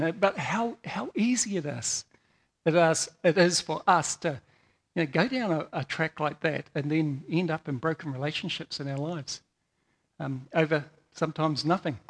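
High-voiced man preaching, rambling anecdotes. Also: breathy edge. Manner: rambling, repeats words, tells anecdotes. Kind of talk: sermon.

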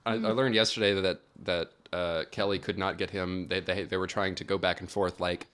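A man in his twenties co-hosting a podcast, telling stories in an animated, laughing way. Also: low-pitched, a little fast, few pauses, smooth. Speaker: podcast co-host. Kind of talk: casual chat.

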